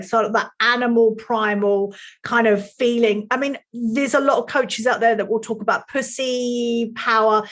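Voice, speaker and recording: A middle-aged woman coach being interviewed, with a slightly high voice. She talks in a blunt, lively way and swears freely. Her speech comes across as frank and unfiltered. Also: a little slow. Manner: blunt, profane, animated. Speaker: life and sex coach. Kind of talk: casual podcast interview.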